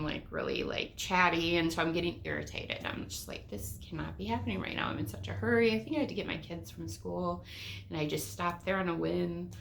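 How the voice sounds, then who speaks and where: A middle-aged woman gives a candid spiritual talk in a low voice with a gravelly, fry-laden edge. She tells her stories vividly, dropping to whispers and jumping to exclamations, and swears without a second thought. A faint hiss of noise sits beneath her voice. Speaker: spiritual teacher. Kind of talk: casual spiritual teaching monologue.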